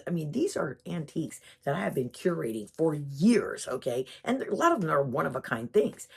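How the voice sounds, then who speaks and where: Storyteller: low-voiced woman, husky tone, very lively delivery, chatty and emphatic. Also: a little fast, hardly any pauses. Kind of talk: personal storytelling.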